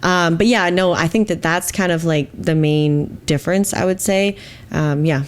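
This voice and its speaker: Chatty low-voiced young woman. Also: normal speed. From Alberta, Canada. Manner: chatty, laughs often, says um and like. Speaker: guest, musician and business owner. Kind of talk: casual interview chat.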